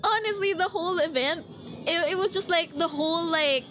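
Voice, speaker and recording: A young woman telling a story on a late-night stream, giggly and excitable, slipping into Tagalog words. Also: extremely high pitch, normal speed, slight background noise. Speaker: VTuber streamer.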